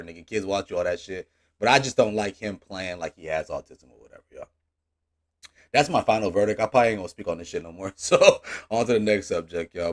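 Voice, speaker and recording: A man streaming his reaction to a clip, talking in a loose, laughing, profane way. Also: lowish voice. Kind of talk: casual reaction commentary.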